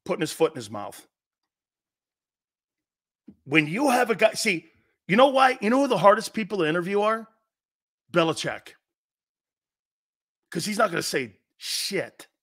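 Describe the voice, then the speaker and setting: Animated middle-aged man lecturing on sports. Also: sits high, measured pace, long pauses. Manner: animated, lecturing, rhetorical questions. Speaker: sports talk host. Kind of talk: casual sports talk.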